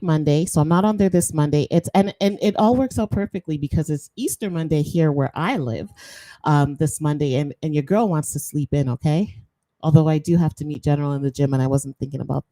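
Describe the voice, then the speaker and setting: Chatty woman host with a mellow low voice. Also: no room sound. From Jamaican roots. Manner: chatty, animated, laughs often, slips into patois. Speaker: podcast host. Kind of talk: casual chat.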